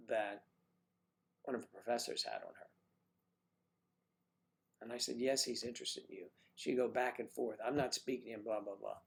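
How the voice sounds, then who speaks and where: A man's voice: medium pitch, vocal fry, husky. Rambling man chatting with viewers. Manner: rambling, teasing, reading out viewer comments. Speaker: livestream host chatting with viewers. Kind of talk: casual chat.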